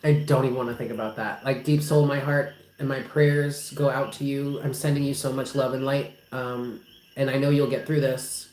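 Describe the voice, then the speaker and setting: A woman's voice: very deep voice, flat delivery, normal speed, darkish tone. A woman giving live tarot readings to her viewers, affectionate and emphatic, who swears casually. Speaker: tarot reader. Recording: roomy with faint background noise.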